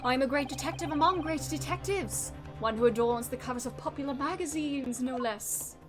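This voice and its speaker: A woman's voice: sits high, moderate pace, music in the background, natural voice. A woman voicing a boastful male great detective with a put-on British accent, grandiose and theatrical.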